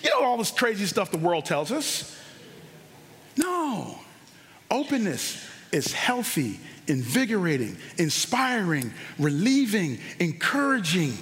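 A very high-pitched male pastor delivering a sermon. He speaks with punchy fervor and repeats words to drive his points home. A long hall reverb follows his voice. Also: wildly swooping pitch, slow, a bit bright.

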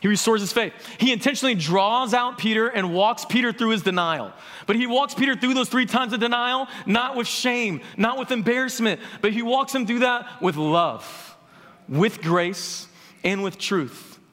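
A man's voice: very high-pitched, moderate pace, fairly bright tone. A young man preaching a sermon in an earnest, conversational way, asking the audience questions. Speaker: pastor. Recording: long hall reverb.

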